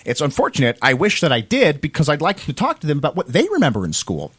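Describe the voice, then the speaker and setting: Animated, emphatic American man. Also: fairly high pitch, fast talker, slightly rough. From United States. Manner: animated, emphatic, repeats phrases for stress. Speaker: co-host of a commentary show. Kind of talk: opinionated political commentary.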